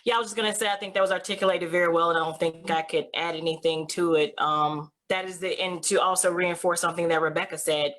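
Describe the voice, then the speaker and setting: A woman with a lowish voice speaks as a panelist in an online discussion. She gives advice in an earnest, reflective way. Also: steady tone, fast, hardly any pauses, a bit bright. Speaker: panelist, actor. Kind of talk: panel discussion on a video call.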